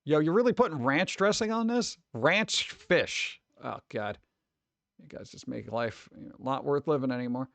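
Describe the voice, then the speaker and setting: A man's voice: medium pitch, moderate pace, creaky, fairly bright tone, no room sound. A man from New York streaming casually, reacting to chat with sarcastic, mumbled asides.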